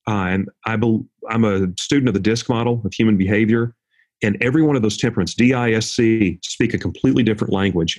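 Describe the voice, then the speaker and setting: Low husky guy, guest on an interview, confident storyteller vibe. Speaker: guest speaker and corporate trainer.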